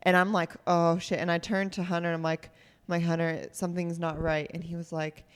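A woman's voice: lowish voice, fairly quick, smooth, big-room sound. A woman in casual chat telling a story, swearing freely and acting out what people said. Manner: swears a lot, lively retelling with quoted lines.

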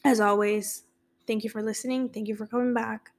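A young woman with a slightly high voice talks through her week on her own podcast. She is chatty and candid, and swears casually as she goes. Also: level tone, brisk. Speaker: podcast host. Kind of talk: casual solo podcast chat.

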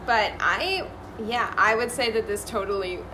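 A woman's voice: mid-range voice, measured pace, pushed and bright, echoey room, slight background noise, low-quality recording. A woman co-hosting a casual podcast chat, talking freely and laughing often. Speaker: podcast co-host.

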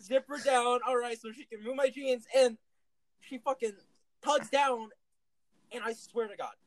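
A man telling a funny story in a casual comedy podcast, animated, swearing and laughing as he goes. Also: extremely high pitch, unhurried, no echo, poor audio.

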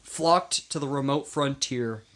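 A man's voice: medium pitch, a little slow, a bit bright. A man hosting a comedy history podcast, telling the story casually, laughing and swearing along the way. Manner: swears freely, laughs often.

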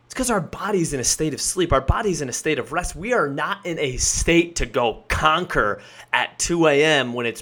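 A man hosting a motivational podcast, coaching listeners in an emphatic way, laying out numbered points and slowing down to stress key words. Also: mid-range voice, a bit bright. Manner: emphatic, coaching, lists points and repeats them. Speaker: podcast host.

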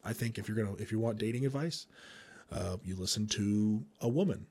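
A man hosting a podcast, a firefighter chatting casually in a rambling way with frequent chuckles and quick asides. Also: lowish voice, warm tone, slightly rough. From Indiana.

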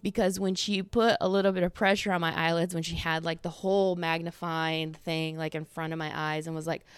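Speaking fairly quickly with little pitch movement, this woman in her thirties hosts a podcast in a fairly low, clear, resonant voice with no echo. Her casual monologue wanders, stuffed with fillers and quoted asides, and she sounds a bit winded.

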